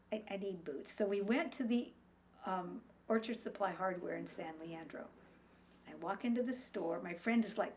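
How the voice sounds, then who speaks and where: Soft-spoken woman telling her story. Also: medium pitch. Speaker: fire survivor interviewee. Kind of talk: personal storytelling.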